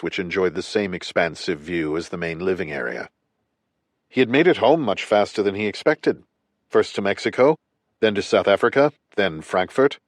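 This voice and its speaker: A man narrating a thriller audiobook in a steady, even storytelling delivery. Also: sits low, no echo.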